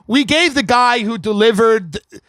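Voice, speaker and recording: A podcast host telling a rambling comedic story in an animated way, laughing at his own jokes. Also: very high-pitched, moderate pace. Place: outdoor deck.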